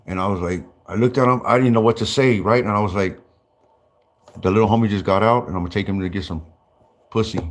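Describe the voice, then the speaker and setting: A man's voice: fairly low pitch, fast, a little hiss or hum. A man telling stories in rambling, profane casual talk, stammering and restarting often and breaking into laughter. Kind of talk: casual storytelling.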